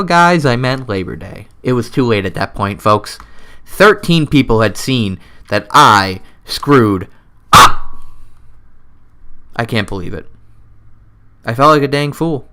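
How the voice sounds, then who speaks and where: A man hosting his own comedy show, rambling through a goofy, self-mocking monologue close to the mic, his voice jumping and dropping in pitch and loudness. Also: expressive, unhurried, pauses often, clear, resonant tone. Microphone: close desk mic.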